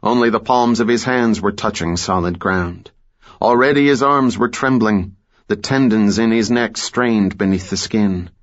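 Male audiobook narrator, low and slow, lo-fi sound. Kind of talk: scripted thriller narration.

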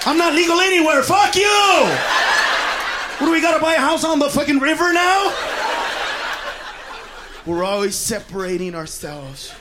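An American male stand-up comedian riffing loudly and profanely at his audience in a comedy club. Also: extremely high pitch, a little fast. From United States. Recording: loud crowd laughter and noise, live club.

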